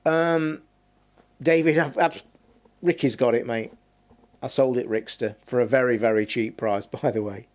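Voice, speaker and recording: A man's voice: mid-range voice, fairly even intonation. Fired-up man in his fifties. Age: 50s. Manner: heated, passionate, swearing, drawn-out emphasis. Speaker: podcast host. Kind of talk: live stream rant.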